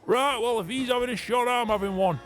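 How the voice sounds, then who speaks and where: A man's voice: extremely high pitch, a little fast, fairly bright tone. A young man, chatting in character during a game roleplay, hearty and emphatic, swearing casually. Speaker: roleplay player.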